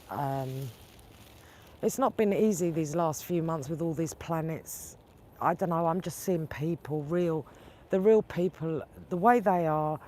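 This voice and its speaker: A woman's voice: low voice, darkish tone, a little hiss or hum. Indignant woman retelling a quarrel. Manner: indignant, retells arguments with quoted dialogue. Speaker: tarot channel host. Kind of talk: casual vlog storytelling.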